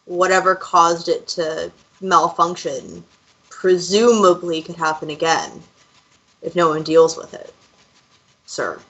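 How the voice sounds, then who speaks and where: A woman playing a tabletop game, speaking politely and earnestly, sometimes pausing to search for words. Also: fairly low pitch, a bit bright, rough recording. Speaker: player. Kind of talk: tabletop game role-play.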